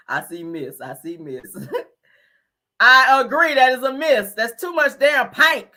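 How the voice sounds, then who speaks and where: A woman's voice: fairly high pitch, expressive, takes it slowly, bright, forceful tone. A woman hosting a casual livestream, giving blunt, sassy fashion commentary and talking straight to her chat. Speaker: livestream host.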